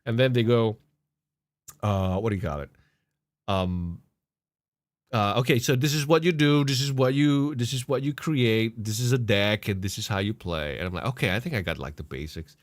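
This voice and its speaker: A man co-hosting a podcast, telling a story in a casual, profane, animated way and laughing often. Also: lowish voice, normal speed, no room sound. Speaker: podcast co-host.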